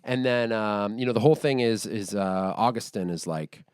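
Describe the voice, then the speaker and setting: A man's voice: fairly low pitch, moderate pace, a little mellow, clean tone, dry recording, studio quality. A man co-hosting a podcast, retelling a movie plot in casual chat with rambling fillers. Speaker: podcast co-host.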